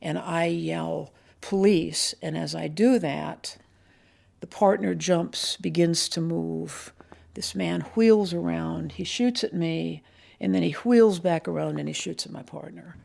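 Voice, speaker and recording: Gravelly-voiced older woman recalling police work. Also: lowish voice, darkish tone. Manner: measured, reflective storytelling with pauses. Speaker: retired police assistant chief. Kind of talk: recounting memories in an interview.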